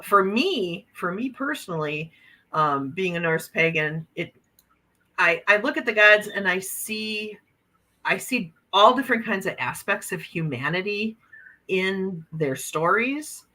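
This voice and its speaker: A woman's voice: medium pitch, animated, measured pace, pushed and bright. A woman with an Upper Midwest American accent, a guest chatting casually and restarting often on a video call. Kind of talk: casual chat.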